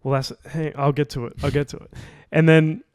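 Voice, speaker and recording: A man's voice: fairly high pitch, little pitch movement, a little fast, clean tone, no room sound, clean studio sound. A young man, telling a travel story in a loose, rambling way, full of "like" and casual swearing, on a podcast. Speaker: podcast co-host. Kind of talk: casual chat.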